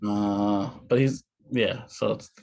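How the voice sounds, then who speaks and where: A man's voice: lowish voice, fairly even intonation, slow, creaky, a little mellow, slight background noise. Easygoing man in casual podcast chat. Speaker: podcast co-host.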